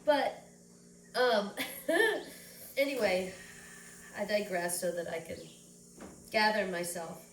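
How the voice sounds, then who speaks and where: Woman vlogger, slow, rambling and teary; roomy, distant recording with faint background noise. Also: mid-range voice, expressive. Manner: rambling, emotional, close to tears. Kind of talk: personal vlog monologue.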